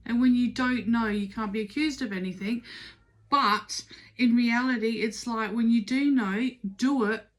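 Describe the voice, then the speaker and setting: A middle-aged woman talks through a tarot reading in a loose, conversational way. She is emphatic and urging, circling back and repeating phrases to drive each point home, in a voice that sits somewhat high for a woman. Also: measured pace. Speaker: tarot reader. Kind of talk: casual spoken tarot reading.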